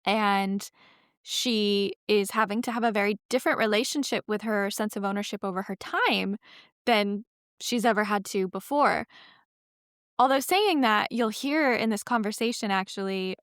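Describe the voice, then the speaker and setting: A woman in her thirties hosts a podcast in a chatty, rambling way, often stopping to correct herself. Her mid-pitched voice is smooth and clear. The close recording is dry, with no room echo. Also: moderate pace, fairly bright tone. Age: 30s. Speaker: podcast host. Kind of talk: casual podcast intro.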